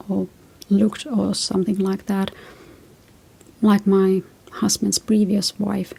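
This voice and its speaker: Husky, gravelly woman giving gentle advice. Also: mid-range voice. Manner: reflective, tells personal stories. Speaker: relationship advice host. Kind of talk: casual advice talk.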